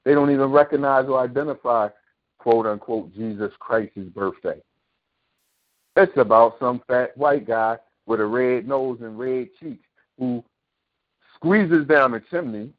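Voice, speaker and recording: Over tinny, phone-like audio, a talk show host with a mid-range voice and measured pace delivers a heated, preachy opinion monologue. It's an impassioned rant laced with profanity and sarcastic rhetorical questions.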